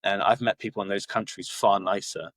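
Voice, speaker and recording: With a lowish, slightly bright voice and a brisk pace, a Cornish man rambles through a casual podcast interview, using lots of fillers and restarts. No echo is heard.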